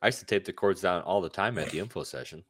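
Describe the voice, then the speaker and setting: A man's voice: low-pitched, animated, fast talker, a bit bright, a little hiss or hum. A man co-hosting a casual chat, adding wry, teasing remarks. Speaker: podcast co-host.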